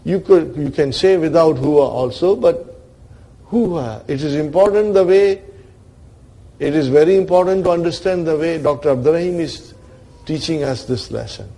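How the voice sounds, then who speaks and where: A man's voice: on the high side, normal speed, vocal fry, dark tone. A man teaching a grammar class, explaining step by step with rhetorical questions and often checking that his students are following him. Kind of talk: classroom lecture.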